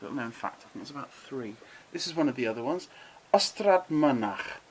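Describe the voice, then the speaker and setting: A middle-aged man hosting a casual lesson, chatty and encouraging, who slows right down to sound out words with care. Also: medium pitch, a little hiss or hum, poor audio. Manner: chatty, encouraging, drawn-out careful pronunciations. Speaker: model railway channel host. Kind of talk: casual explainer to camera.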